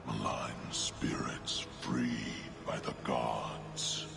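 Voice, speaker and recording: A man voicing an ominous male game character, speaking in a deep, whispery, gravelly way. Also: steady tone, extremely slow, exaggerated voice. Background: game music.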